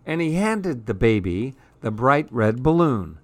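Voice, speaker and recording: Slow, measured man reading a rhyming story. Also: medium pitch, sing-song, no room sound. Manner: measured, rhythmic. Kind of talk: reading a rhyming picture book aloud.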